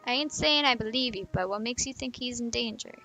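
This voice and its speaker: Brief: world-weary hardboiled male detective, read by a woman, gruff and low-key. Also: a little fast, sharp tone, soft background music.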